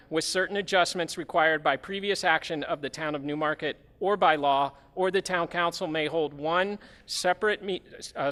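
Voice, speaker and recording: Guy running a town meeting, high pitched, reads the legal text out, echoey hall. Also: bright, forceful tone. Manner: procedural, reads warrant text aloud. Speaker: meeting moderator. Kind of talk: formal town meeting chairing. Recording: long hall reverb, faint noise.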